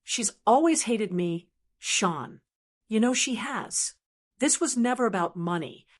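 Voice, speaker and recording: A woman voicing a resentful, defensive young wife who yells indignantly at her husband. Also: a little high, expressive, slow. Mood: resentful fury. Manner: indignant, yelling.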